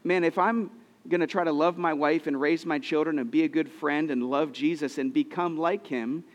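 A man's voice: on the high side, steady tone, moderate pace. A man preaching a sermon as a pastor, earnest and storytelling, with frequent repeated phrases.

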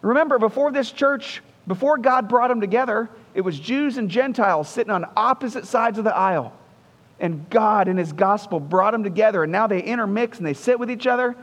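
A male pastor with a high-pitched voice gives an earnest, conversational sermon. He leans on repeated phrases to drive each point home. His voice rings with the long reverb of a church hall. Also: expressive, fairly quick, a bit bright.

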